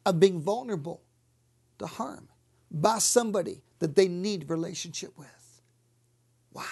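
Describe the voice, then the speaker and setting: Fervent preacher woman with a gravelly voice. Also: medium pitch. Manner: fervent, repeats words, drops to soft whispers on key lines. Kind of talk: sermon.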